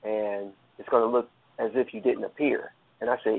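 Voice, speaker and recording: A man's voice: lowish voice, moderate pace, vocal fry, breathy edge, dry recording. A man earnestly telling a long personal story, rambling with fillers and restarts, over a phone line. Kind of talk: casual storytelling.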